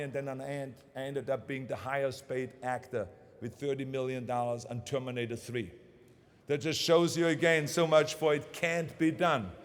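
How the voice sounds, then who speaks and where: A man's voice: on the high side, long reverb tail. A man with a German accent giving an emphatic, motivational commencement speech in short, punchy phrases. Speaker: commencement speaker.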